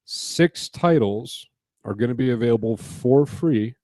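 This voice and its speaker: A man's voice: mid-range voice, animated, measured pace, darkish tone, no room sound, clean studio sound. A man co-hosting a casual podcast, playful and teasing in his banter. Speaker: podcast co-host.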